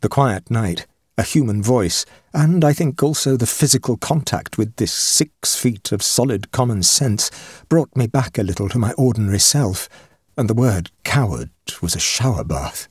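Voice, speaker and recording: A man reading a ghost story aloud in measured, dramatic scripted narration. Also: medium pitch, lively intonation, husky, no room sound, studio quality. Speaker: audiobook reader.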